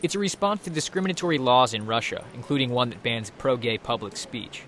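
A man reporting a scripted radio news piece in a measured, even delivery. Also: mid-range voice, slight background noise.

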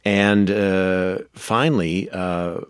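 A man as a radio interview guest, telling history in a measured, storytelling way. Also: low voice, fairly even intonation, clean tone, no room sound, studio quality.

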